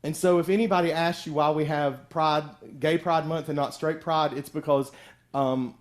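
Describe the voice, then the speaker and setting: A man's voice: a little high, steady tone, moderate pace. A middle-aged male pastor giving a conversational sermon, acting out the voices of people in the story he tells.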